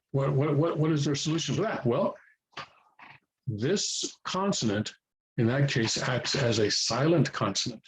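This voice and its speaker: A man's voice: medium pitch, low-quality recording. Man teaching with many restarts. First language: English. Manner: repeats words, many fillers and restarts. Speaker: language teacher. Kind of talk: explaining at a whiteboard-style lesson.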